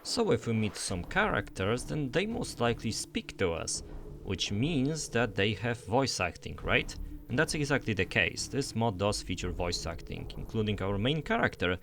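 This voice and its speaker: A man's voice: on the low side, big pitch swings, moderate pace, noisy background. A young man narrating a scripted game review voice-over in an enthusiastic, conversational way.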